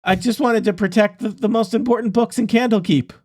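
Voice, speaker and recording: A man's voice: sits high, fairly even intonation, fairly quick, a little mellow, no room sound, studio quality, voice pushed up. A man doing a stammering nervous gnome cultist. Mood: defensive. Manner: stammering, defensive.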